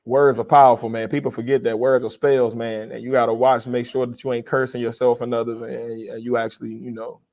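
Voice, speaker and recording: An earnest male podcast host speaking at a middle pitch. He rambles and preaches a little, circling back to his point. His tone stays conversational throughout. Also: flat delivery, fairly quick, hardly any pauses, a little mellow. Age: adult with a young child. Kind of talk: live re-watch commentary.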